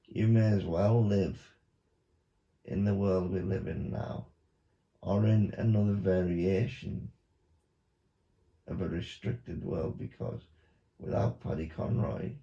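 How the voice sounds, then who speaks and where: Slow gravelly man, mock hypnosis. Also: sits low, dark tone. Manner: slow, repetitive, coaxing instructions. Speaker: YouTuber. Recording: dull lo-fi recording.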